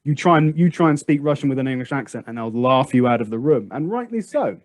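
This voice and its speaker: A man's voice: medium pitch, fast talker, no room sound. Opinionated man hosting a podcast, dry sound. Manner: opinionated, emphatic, lively storytelling. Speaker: podcast host. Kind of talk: casual podcast discussion.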